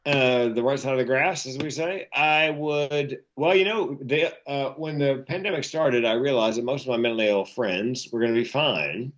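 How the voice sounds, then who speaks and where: 50s comedian guy telling jokes on a podcast, self-deprecating, average pitch, dull lo-fi sound. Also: normal speed, few pauses, a bit bright. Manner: storytelling with punchlines, self-deprecating. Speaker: comedian and keynote speaker. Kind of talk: casual podcast chat, joke telling. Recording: dull lo-fi audio.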